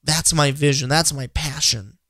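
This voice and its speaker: A man's voice: on the high side, fairly even intonation, measured pace, sharp tone, no room sound. A man with a slightly raised voice gives an earnest, encouraging faith talk for his podcast, stumbling and restarting often as he repeats his key points. The sound is dry and close, with no room around it. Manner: earnest, repetitive, frequent restarts. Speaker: podcast host.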